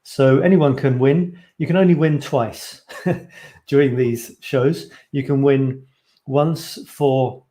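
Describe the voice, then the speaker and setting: A man's voice: mid-range voice, steady tone, slow pace, dark tone. Chatty man hosting a live stream. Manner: chatty, rambling, reads out viewer comments. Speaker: host of a photo challenge livestream. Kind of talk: casual live stream chat.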